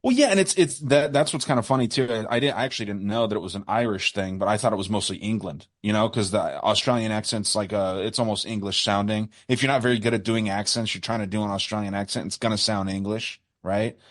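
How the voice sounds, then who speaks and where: Rambling American man, low dry voice. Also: fast talker, few pauses, no echo. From United States. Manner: enthusiastic, rambling, says "man" a lot. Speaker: podcast co-host. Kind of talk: casual podcast chat.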